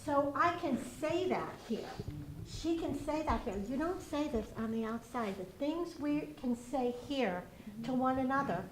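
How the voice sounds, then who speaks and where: High-voiced woman, distant and echoey. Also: expressive, a little slow, slight background noise. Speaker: grief group member. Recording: echoey, distant room mic.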